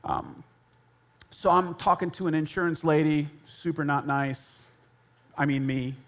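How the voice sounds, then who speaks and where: A man's voice: fairly high pitch, a little slow. A male pastor telling a personal story in a conversational sermon, self-deprecating and laughing at himself.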